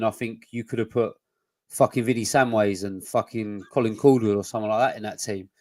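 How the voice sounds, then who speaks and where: A man's voice: fairly low pitch, darkish tone, no echo. A man, co-hosting a casual football podcast, blunt and sweary with rambling restarts. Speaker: podcast co-host.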